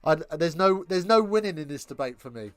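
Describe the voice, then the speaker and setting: High-voiced cheeky English commentator. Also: male voice, fairly quick, clean tone, no room sound. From England. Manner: cheeky, crude banter, bursts of excited play calls. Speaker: live stream commentator. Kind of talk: casual live match commentary, reading chat.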